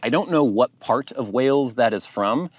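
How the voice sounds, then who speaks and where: A man's voice: mid-range voice, lively intonation, normal speed, husky, no echo. A man from the United States, hosting his channel in a rambling, casual chat to camera. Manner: rambling, chatty, thinking aloud. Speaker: YouTube channel host.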